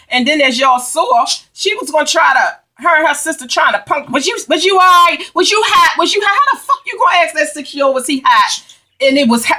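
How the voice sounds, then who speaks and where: A woman tells a heated story to her vlog viewers, swearing freely. Her voice is bright and sits a little high, and she presses every point hard. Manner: heated, profane, emphatic storytelling. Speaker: vlogger. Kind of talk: angry storytime rant.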